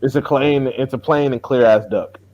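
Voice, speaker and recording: A man's voice: mid-range voice, moderate pace, a little mellow. A man giving heated, profane boxing commentary in a casual podcast chat. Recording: dull lo-fi audio.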